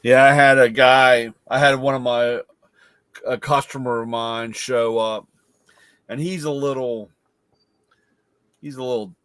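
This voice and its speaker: A man telling a relaxed, rambling story in casual chat. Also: medium pitch, measured pace, pauses often, smooth, no room sound.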